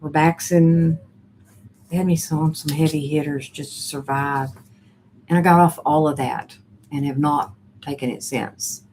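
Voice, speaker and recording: A woman's voice: deep voice, fairly even intonation, a little slow, a little mellow, slight background noise. A middle-aged woman hosting a live chat stream. She talks casually and rambles, with many fillers and restarts, and answers viewer comments as she reads them.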